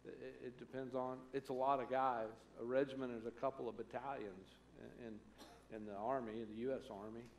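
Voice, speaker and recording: A man's voice: mid-range voice, fairly even intonation, brisk, echoey room, slight background noise. A man preaching a conversational sermon as pastor, acting out the voices he quotes. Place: church sanctuary.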